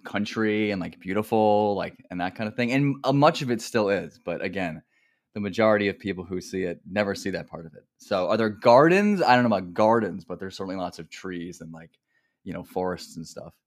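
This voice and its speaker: A man from New Jersey talks as a guest on a casual podcast. His voice sits a little low, and his manner is laid-back and joking. He often trails off and restarts his sentences. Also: expressive, a little fast. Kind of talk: casual chat.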